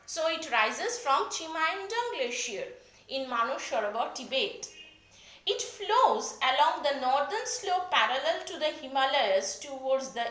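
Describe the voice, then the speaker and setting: Brief: high, lively Indian woman teacher, dictating a lecture in an echoey room. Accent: Indian English. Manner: repeats key points slowly, spells words out. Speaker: geography teacher. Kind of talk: classroom lecture.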